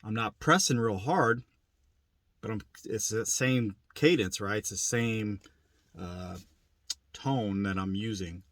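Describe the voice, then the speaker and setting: A man's voice: on the low side, slow, fairly bright tone, no echo. A man giving a plain-spoken, casual lesson on turkey calling, repeating his points as he goes. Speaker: turkey hunting instructor. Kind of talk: casual instructional demo.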